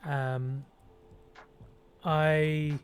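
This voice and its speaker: Chatting casually over a miniature-painting livestream, the streamer with a New Zealand accent thinks aloud and leans on "um" often. The medium-pitched voice barely rises or falls and stretches out its words.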